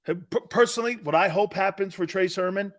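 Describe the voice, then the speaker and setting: A man's voice: sits high, fairly quick. A man hosting a sports talk show, brash and joking in casual banter. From Italian-American.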